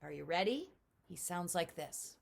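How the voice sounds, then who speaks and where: Gravelly woman teaching kids at home. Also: on the low side, unhurried. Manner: animated, talks straight to kids, imitates owl calls. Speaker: children's author teaching at-home learners. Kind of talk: friendly lesson to children. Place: home, indoors.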